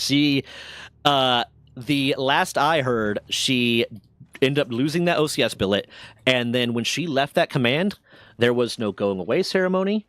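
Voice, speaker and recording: A man's voice: mid-range voice, animated, a little slow, a bit bright, no room sound, studio quality. A man telling a long story in casual chat, rambling and swearing, with many restarts and self-corrections. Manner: rambling, profane, lots of restarts.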